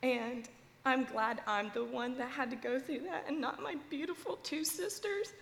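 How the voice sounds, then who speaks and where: A woman's voice: high-pitched, normal speed, vocal fry, a bit bright, a little hiss or hum. A woman in her twenties giving an earnest, tearful testimony at a church service, crying as she speaks. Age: 20s. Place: large church with balcony. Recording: echoey church hall with long reverb.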